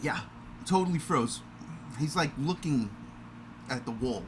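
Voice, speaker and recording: A man hosting a podcast livestream in a casual, energetic, self-mocking way. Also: medium pitch, unhurried, background noise. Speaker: podcast host.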